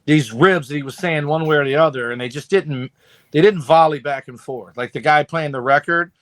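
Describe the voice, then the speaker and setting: A man co-hosting a casual podcast, retelling movie scenes in a loose, profane, animated way. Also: a little high, brisk, no room sound. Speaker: podcast co-host. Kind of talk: casual chat.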